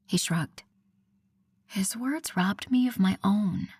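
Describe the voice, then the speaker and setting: A woman narrating a first-person romance audiobook in a soft, breathy, intimate delivery. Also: mid-range voice, slow pace, pauses often, no echo, studio quality.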